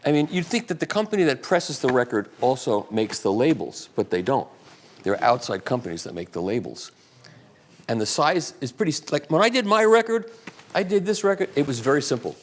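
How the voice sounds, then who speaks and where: An older man speaking live to an audience, answering questions with rambling, animated anecdotes. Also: mid-range voice, brisk.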